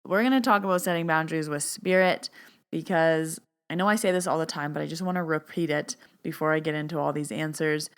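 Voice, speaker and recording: A woman hosting a podcast as a spiritual medium, chatty and emphatic, turning loud and stern when she stresses a point. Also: sits low, steady tone, brisk, smooth. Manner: emphatic, stern and loud when quoting her own boundary commands; chatty, with "like" fillers and playful asides. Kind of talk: casual solo podcast talk.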